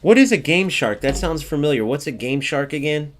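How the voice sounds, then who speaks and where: A man's voice: on the high side, animated, a little fast, a little hiss or hum. A man hosting a gaming video, giving casual gameplay commentary in a blunt, sarcastic way and talking straight to his viewers.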